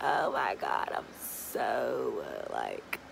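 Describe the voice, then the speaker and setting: A young woman vlogging casually, talking, swinging between murmured asides and excited squeals. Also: very deep voice, drawn-out words, gravelly, very noisy. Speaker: small business owner launching an online store. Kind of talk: casual vlog chat.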